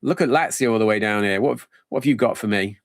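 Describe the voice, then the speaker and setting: A man's voice: on the low side, fast, no echo, studio quality. Chatty man musing over his game. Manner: rambling, thinking aloud, chatty. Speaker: game streamer. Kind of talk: casual live-stream commentary.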